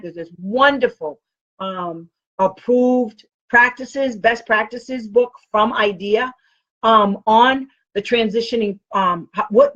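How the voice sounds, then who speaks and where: A woman's voice: fairly high pitch, lo-fi sound. A woman talking directly to parents in a casual, rambling live stream, giving special education advice.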